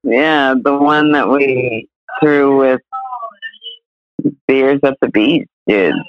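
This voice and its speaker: A woman's voice: extremely low pitch, extremely slow, dull audio, a crowd in the background. A chatty woman from New Hampshire in casual conversation, often saying "like" and swearing. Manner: chatty, swearing, uses "like" a lot. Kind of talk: casual chat.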